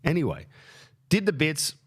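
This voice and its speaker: A man with an Australian accent hosting a podcast, telling a rambling, crude, self-mocking story, his pitch jumping up when he gets worked up. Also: wildly swooping pitch, normal speed, slightly rough. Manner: crude, self-mocking, lots of fillers and restarts. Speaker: podcast host and stand-up comedian. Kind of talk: casual rambling monologue.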